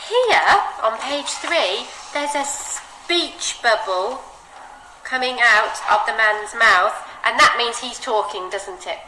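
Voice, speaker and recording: Animated English woman teacher. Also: fairly high pitch, takes it slowly. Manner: expressive, encouraging, models phrases with big vocal expression. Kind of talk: one-to-one reading lesson with a child. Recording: echoey room with background noise.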